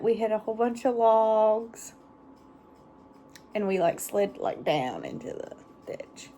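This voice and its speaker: A woman's voice: fairly high pitch, slight background noise. A woman, chatting casually in a rambling vlog and laughing often. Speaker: vlogger. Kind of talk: casual chat.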